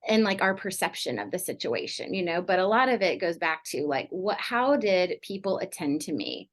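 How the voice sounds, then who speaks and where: A woman's voice: lowish voice, big pitch swings, normal speed. A middle-aged woman counselor talking casually on a podcast, rambling with many fillers like "like" and "you know". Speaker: mental health counselor guest.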